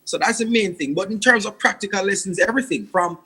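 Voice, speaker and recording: A man's voice: sits high, fast, pushed and bright, slightly rough, poor audio. A Jamaican man, a father and podcast guest, speaking earnestly and repeating his key points. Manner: earnest, repetitive emphasis. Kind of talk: earnest interview answers.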